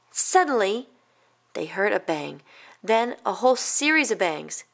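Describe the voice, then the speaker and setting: A woman reading a children's picture book aloud in an even, gentle storytelling manner. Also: medium pitch, a little slow, gravelly. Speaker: storybook reader.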